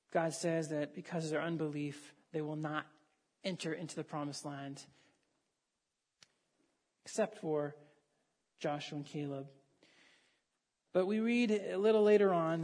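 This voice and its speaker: A preacher with a husky, breathy voice delivers a sermon in an easy, conversational way. Between readings from scripture, the speaker talks straight to the congregation and asks them questions. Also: mid-range voice, a little mellow.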